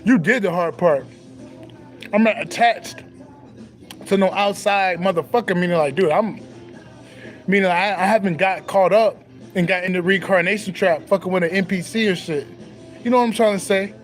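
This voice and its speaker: A man's voice: high-pitched, normal speed, faint music behind, poor audio. A young man, talking casually and profanely with swagger, laughing often. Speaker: spiritual talk host. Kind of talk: casual spiritual monologue.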